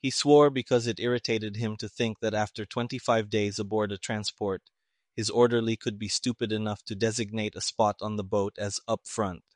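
A man's voice: on the low side, flat delivery, moderate pace, no echo. Man narrating an audiobook, dry.

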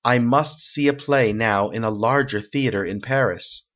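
Male reader doing an earnest, determined young clerk; mid pitch, muffled lo-fi sound. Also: measured pace, a bit bright, close to an everyday voice. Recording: dull lo-fi recording.

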